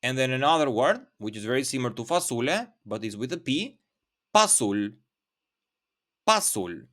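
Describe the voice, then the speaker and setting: A man's voice: mid-range voice, big pitch swings, fast. A man teaching a vocabulary lesson, speaking patiently and repeating each word several times. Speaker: Albanian language teacher.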